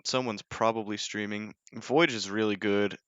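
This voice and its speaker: A man casting a live online game tournament as stream host, excitable, his voice leaping up on big plays. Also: on the low side, normal speed, dry recording, lo-fi sound. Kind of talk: live esports commentary.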